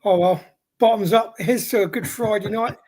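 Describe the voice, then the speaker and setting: A man's voice: high voice, moderate pace, a little mellow. A man hosting a livestream hot sauce test who has a head cold and a runny nose, exclaiming and reacting aloud as the spice hits. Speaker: hot sauce reviewer and host.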